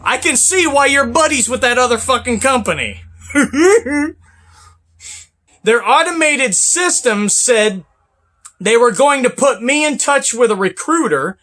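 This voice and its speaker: A man, a truck driver, ranting with sarcasm and heavy swearing about trucking companies, often bursting into shouts. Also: very high-pitched, expressive, measured pace. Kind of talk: angry ranting vlog.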